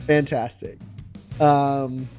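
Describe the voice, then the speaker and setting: A man's voice: medium pitch, level tone, very slow, darkish tone, soft background music. A man narrating a tabletop role-playing game as game master, rambling through scenes with many fillers.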